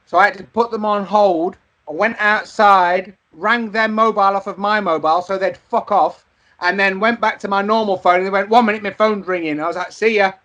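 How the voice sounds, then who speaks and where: A man's voice: high voice, steady tone, moderate pace, pushed and bright, highs cut off. A man co-hosting a podcast, telling sweary anecdotes in casual chat. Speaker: podcast co-host.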